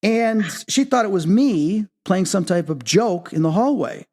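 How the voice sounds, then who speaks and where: A man hosting a paranormal talk show, telling a personal story in an animated way. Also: a little slow. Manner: excitable, leaps high when reenacting his own reactions. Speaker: podcast host.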